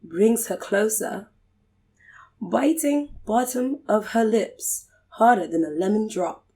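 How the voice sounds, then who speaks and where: A woman putting on a hushed mock-British poetry voice. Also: mid-range voice. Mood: sultry. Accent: put-on British. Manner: slow, hushed, drawn-out delivery. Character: woman reading a sultry love poem in a mock British accent. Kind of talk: poetry reading.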